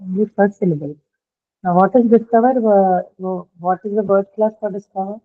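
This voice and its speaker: A woman's voice: mid-range voice, moderate pace. Woman teacher, methodical explainer who keeps checking understanding; thin phone-line sound. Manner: explains step by step, checks with "right?". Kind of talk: online lesson on word stress.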